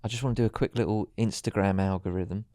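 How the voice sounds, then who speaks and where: A man's voice: lowish voice, fairly even intonation, fast talker, dark tone, dry recording, clean studio sound. A man co-hosting a podcast in chatty, rambling banter, swearing freely. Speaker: podcast co-host. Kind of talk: casual chat.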